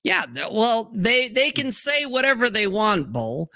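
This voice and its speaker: A man's voice: sits high, big pitch swings, measured pace, pushed and bright, dry recording, studio quality. Blunt, profane man hosting a stream. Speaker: livestream host. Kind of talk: casual panel chat. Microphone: streaming mic, remote call.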